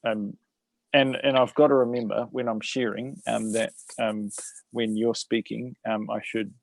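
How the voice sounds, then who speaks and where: A man's voice: medium pitch, steady tone, a little slow, vocal fry, dry recording, rough recording. A man hosting a casual livestream chat, hesitant and full of ums and restarts. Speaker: host.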